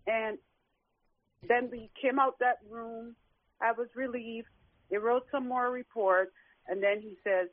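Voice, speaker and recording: A woman's voice: fairly high pitch, steady tone, takes it slowly, long pauses, no echo. A middle-aged woman calling in to a talk show, telling her own story in an earnest, emotional way. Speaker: guest caller. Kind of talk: personal account on a talk show. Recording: tinny dry phone line.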